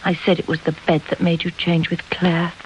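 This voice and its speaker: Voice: medium pitch, monotone, moderate pace, lo-fi sound, slight background noise, lightly acted. Cast a reader as a bold, blunt young girl, cheeky and scornful.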